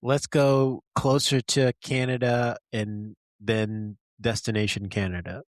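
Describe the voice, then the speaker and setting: A man co-hosting a podcast, chiming in with quick jokes in casual chat. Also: mid-range voice, little pitch movement, dry recording. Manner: jokey, quick interjections. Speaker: podcast co-host.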